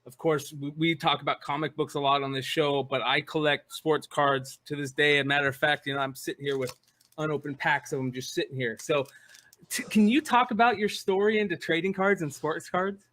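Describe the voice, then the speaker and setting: A man hosting a podcast interview, asking questions haltingly with restarts and fillers. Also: on the high side, sharp tone. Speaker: podcast host. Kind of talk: casual interview.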